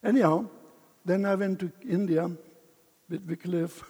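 A man's voice: high-pitched, a little slow, dark tone, husky, big-room sound. An older man giving an emotional personal testimony as a missionary speaker, chuckling between lines.

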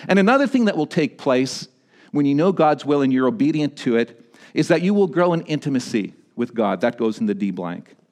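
A pastor delivering a sermon, swinging between emphatic high points and quieter, low-voiced storytelling. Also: male voice. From Canada. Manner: animated preaching, rising to emphatic peaks and dropping low for stories.

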